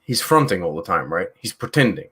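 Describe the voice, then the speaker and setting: A man's voice: deep voice, very animated, fairly quick, pushed and bright, slightly rough. A man co-hosting a casual live-stream chat, teasing and easygoing, with plenty of "like" and "you know". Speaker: co-host.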